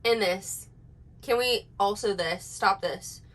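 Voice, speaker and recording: A woman's voice: medium pitch, slow, a bit bright, poor audio. A woman giving casual reaction commentary, sarcastic and exasperated, rambling with restarts. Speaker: commentary YouTuber.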